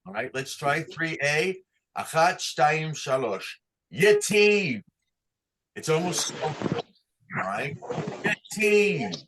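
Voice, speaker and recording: A man's voice: a little high, expressive, a little slow, heavy background noise. A man teaching Torah cantillation online, patiently explaining each sign and singing short chant examples for the class to repeat.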